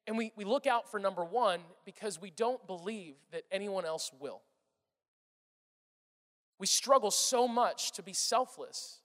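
A man in his thirties preaching a sermon, telling animated family stories and acting out his children's voices. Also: very high voice. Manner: animated storytelling, acts out his kids' voices. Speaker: pastor. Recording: reverberant hall sound.

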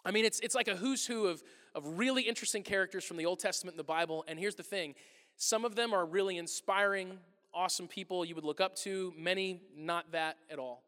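A pastor preaching a sermon, telling stories with lively acted-out exchanges and loud bursts. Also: male voice, high-pitched, brisk. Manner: animated storytelling, acting out exchanges with loud bursts. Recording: long reverb of a large hall.

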